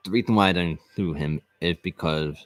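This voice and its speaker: A man hosting his own video, telling a personal story in an earnest, halting way, often restarting and repeating himself. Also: low voice, fairly bright tone, no echo. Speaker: vlog host.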